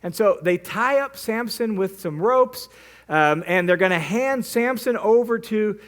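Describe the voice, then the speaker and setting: A man's voice: high-pitched, lively intonation, measured pace. A male pastor preaching a sermon, retelling a story vividly and acting out the characters' lines. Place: church.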